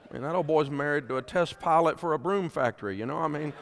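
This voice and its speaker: A man's voice: a little high, fast talker, fairly bright tone, slight background noise. A middle-aged man, speaking to a conference audience in a folksy storytelling way and often asking the crowd questions. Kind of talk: speech to an audience. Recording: long hall reverb.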